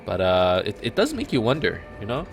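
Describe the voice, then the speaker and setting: Soft music plays behind this young Canadian let's play host, whose voice sits on the low side and moves a little quickly. He's animated and rambling as he comments on his game, often cutting himself off and starting over.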